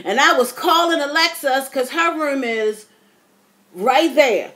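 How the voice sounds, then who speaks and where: Woman in her 50s, high voice, chatty vlog storytelling, keeps saying y'all, kinda dramatic. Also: a little slow, fairly bright tone. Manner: chatty, addresses viewers as y'all, dramatic retelling. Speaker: vlogger. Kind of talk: casual storytelling to camera.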